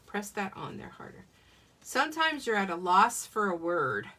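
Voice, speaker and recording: A middle-aged woman sits at her home craft desk demonstrating card-making on a live stream, her voice a bit far from the mic. Her mid-range voice has a sharp tone and a normal pace, and she's very animated, chatty and self-deprecating, laughing often.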